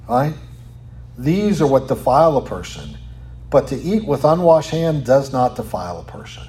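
A man preaching a sermon, asking rhetorical questions and tagging lines with "right?", sometimes dropping to a quiet, almost whispered tone for emphasis. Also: medium pitch, very animated, moderate pace, a little hiss or hum. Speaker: pastor.

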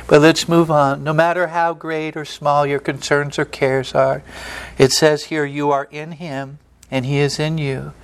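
A middle-aged man preaching a sermon in a folksy, emphatic way, swinging between loud and soft. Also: a little high, clean tone. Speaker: pastor.

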